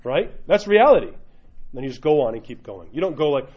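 A man's voice: medium pitch, sing-song, fairly quick, dull audio. A man speaking as a priest, giving an informal sermon in a blunt, joking, emphatic way.

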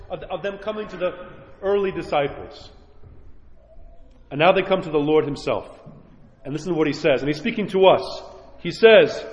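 A man with a high-pitched voice preaches in an echoey church, his words hanging in a long reverb. He talks earnestly and conversationally, then slows down hard on the points he wants to land. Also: animated, dull audio. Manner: earnest, conversational preaching with sudden slowed emphasis. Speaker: priest. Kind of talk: sermon.

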